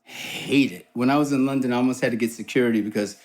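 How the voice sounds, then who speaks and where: Animated storytelling man. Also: medium pitch, fast. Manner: animated storyteller, acts out quoted people. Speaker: guest actor. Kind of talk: casual chat.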